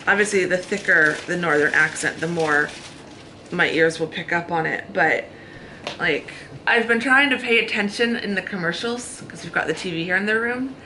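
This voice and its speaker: An American vlogger in her thirties chats at length while getting ready in a hotel room, rambling casually in long run-on thoughts. Her voice is fairly low and sharp in tone, at a normal speed. The recording is low quality, with slight background noise.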